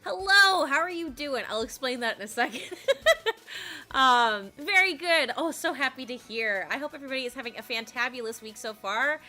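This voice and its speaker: A young adult woman streamer with a hoarse, cracking voice, chatting casually on a live stream, bubbly and giggly as she greets her viewers. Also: high voice, animated, normal speed, bright, forceful tone.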